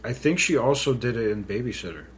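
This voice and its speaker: Speaking fast and with animation in a mid-range voice, a man co-hosts a laid-back podcast from home over slight background noise. He jokes and pokes fun at himself while discussing a movie into a pink studio mic.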